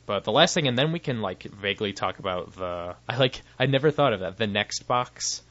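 Bright-voiced man rambling in chat. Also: fairly low pitch, animated, fairly quick, highs cut off. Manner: rambling, self-interrupting, laughs often. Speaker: podcast co-host. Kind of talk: casual chat.

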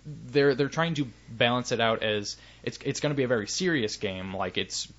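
A man's voice: medium pitch, normal speed, a bit bright, highs cut off. A man co-hosting a casual tech podcast, rambling with lots of fillers and restarts. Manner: rambling, many fillers and restarts, laughs easily. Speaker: podcast co-host.

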